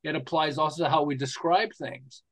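A marketing specialist from the U.S., in his sixties, speaks as an interview guest in a somewhat bright voice on the high side, with fairly even intonation and normal speed. Enthusiastic and casual, he tells stories punctuated by laughs and rhetorical questions.

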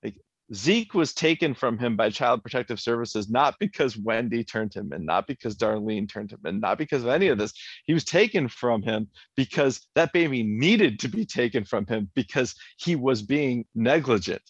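A man co-hosting a casual podcast chat, animated, laughing often and acting out lines as he recaps a TV episode. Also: mid-range voice, normal speed, breathy edge, no echo, highs cut off. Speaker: podcast co-host.

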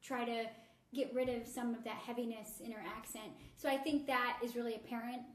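Woman co-host, high pitch, animated film chat in an echoey room. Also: fairly quick, crowd noise. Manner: animated, acts out movie lines in quoted voices. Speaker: podcast co-host. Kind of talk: casual film discussion. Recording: roomy echo.

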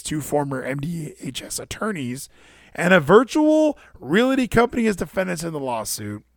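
A man's voice: a little high, gravelly, no echo, clean studio sound. A man streaming to his chat, reading news stories aloud and ranting about them in a casual, profane and incredulous way.

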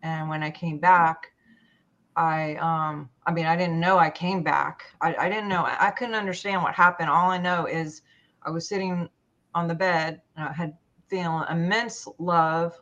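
A woman telling a personal story in a conversation, halting and full of fillers and restarts. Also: sits low, steady tone, a bit bright. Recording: dull lo-fi sound.

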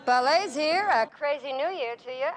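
A woman's voice: high voice, animated, moderate pace, low-quality recording. An actress playing a brassy, upbeat female TV show host taking calls in a film scene. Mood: sassy. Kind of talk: film acting. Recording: film soundtrack with music behind.

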